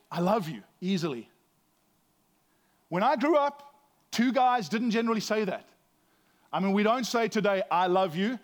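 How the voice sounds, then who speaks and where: Middle-aged man, high voice, pastor, chatty sermon, stumbling restarts. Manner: conversational and self-deprecating, with repeated restarts.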